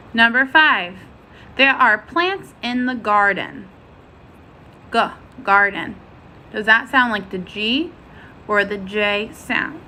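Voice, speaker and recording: Slow, bright-voiced woman teacher. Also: medium pitch, slight background noise, rough recording. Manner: slow, clearly sounded-out teacher talk. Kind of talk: first-grade phonics lesson.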